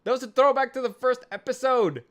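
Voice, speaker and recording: A man co-hosting a casual anime discussion, argumentative and excitable, often cutting in to make his point. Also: very high voice. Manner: argumentative, excitable, quick to interrupt. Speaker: co-host.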